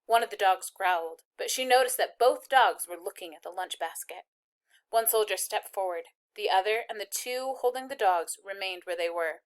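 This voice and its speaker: A woman reading a novel aloud with steady, expressive narration. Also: mid-range voice, normal speed. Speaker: reader.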